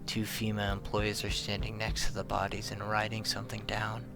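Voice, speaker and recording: A young man playing a horror game, reading the on-screen text aloud and yelling and swearing when things go wrong. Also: lowish voice, completely flat delivery, normal speed, gravelly, over music. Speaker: let's play gamer. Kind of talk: horror game playthrough commentary.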